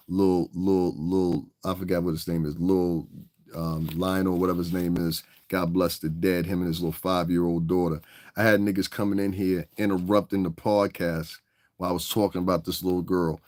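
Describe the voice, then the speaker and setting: A man's voice: low-pitched, fairly bright tone, dry recording. A man hosting a livestream, ranting angrily and combatively with heavy profanity. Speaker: livestream host. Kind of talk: casual livestream rant.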